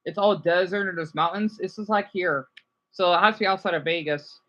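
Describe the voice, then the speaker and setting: Male streamer, chatty, rambling, pitch jumping around, dull lo-fi sound. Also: fairly quick, a bit bright. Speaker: streamer reacting to viewer comments. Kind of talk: casual live-stream reaction chat. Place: home room, keeping voice down.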